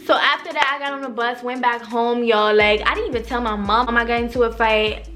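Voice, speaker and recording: Young woman storyteller, higher-pitched, slangy, faint music bed behind. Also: brisk. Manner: animated, slangy, swears freely, talks to viewers as "y'all". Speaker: vlogger. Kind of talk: casual storytime.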